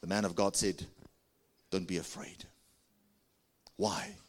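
A South African male pastor speaks slowly, his intonation fairly even, as he preaches to his church. Still, he preaches with big pitch swings, coaxing the congregation to respond and put their hands up.

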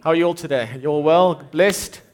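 A man's voice: on the high side, fairly quick, darkish tone. A man preaching a sermon in an earnest way, often repeating and restarting words as he goes.

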